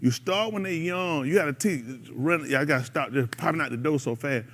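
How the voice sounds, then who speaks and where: His voice sits on the high side and runs a little fast as he hosts a radio show, casually preaching to a group. The man is animated and urging, often laughing and mimicking others.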